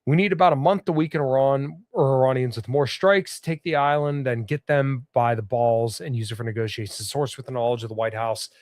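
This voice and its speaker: A stuffed-up man reads news aloud on his podcast, mid-pitched and casual. He stumbles and restarts now and then, mixing in his own loose commentary. The sound is close and dry, with no room behind him. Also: no room sound. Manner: casual, halting reading with restarts and fillers. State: stuffed up, sniffling. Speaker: podcast host.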